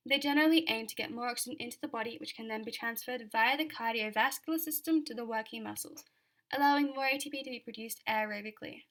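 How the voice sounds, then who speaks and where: A woman's voice: fairly high pitch, quick pace, a bit bright. A young Australian woman giving a chatty exam revision lecture, full of fillers and repeated key points.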